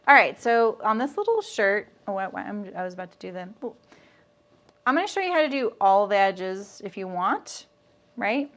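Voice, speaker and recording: A woman's voice: medium pitch, big pitch swings, moderate pace, a bit bright. A middle-aged woman teaching a live sewing demonstration, chatting and answering viewer comments as she works. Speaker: sewing instructor.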